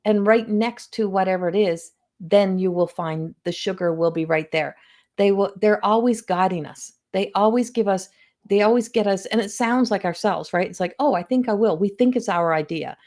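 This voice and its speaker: A woman's voice: mid-range voice, normal speed, a little mellow. A middle-aged woman hosting a psychic medium livestream from home, chatting casually and animatedly to viewers, often acting out quoted voices.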